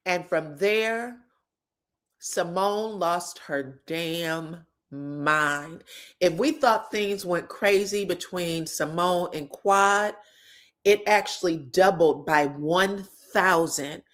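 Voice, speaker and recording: A young adult woman recapping reality TV drama in an animated, profane, gossipy way, laughing at her own jokes. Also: lowish voice, very slow. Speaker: reality TV commentator.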